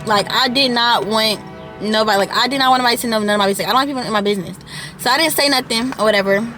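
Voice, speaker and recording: A woman's voice: fairly high pitch, racing, music in the background. An eighteen-year-old woman vlogger telling a casual storytime monologue into her camera mic, rambling with lots of "like" and "y'all" asides.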